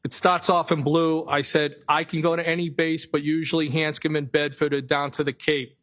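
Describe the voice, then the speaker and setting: A man testifying as a witness in a courtroom, reading messages aloud in a careful, flat way and sometimes correcting himself. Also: a little high, moderate pace. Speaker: trial witness.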